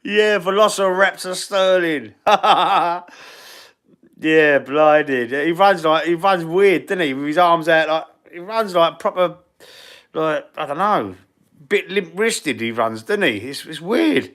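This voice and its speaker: A man from East London with a Cockney accent and husky, wheezy breathing, hosting a casual live-stream Q&A in a blunt, slangy way. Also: fairly high pitch, lively intonation, a little slow, fairly bright tone. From East London, England. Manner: blunt, slangy and chatty, calling viewers bro and mate. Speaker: fan channel live streamer.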